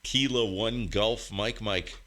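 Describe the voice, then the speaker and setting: A low-voiced man talks slowly and rambles, joking at his own expense between radio calls. His tone is bright and forward. He speaks into a desk mic in his home radio room. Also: fairly even intonation, slight background noise. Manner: rambling, joking, self-mocking. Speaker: ham radio operator and live stream host. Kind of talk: casual live stream chat and radio contest calls.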